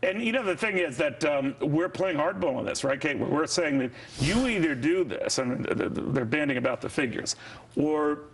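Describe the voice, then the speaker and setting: Guy hosting a tv money panel, kinda highish voice, wry, lots of uhs. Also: expressive, normal speed, a little hiss or hum. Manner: wry, mock-indignant, many uh fillers. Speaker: TV business news host. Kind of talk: TV panel discussion.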